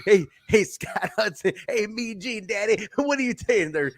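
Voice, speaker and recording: A man's voice: high voice, lively intonation, normal speed, no room sound, pitched above the performer's own voice. A man doing an impression of a cocky male wrestler playing the heel, rambling and repeating a pet nickname.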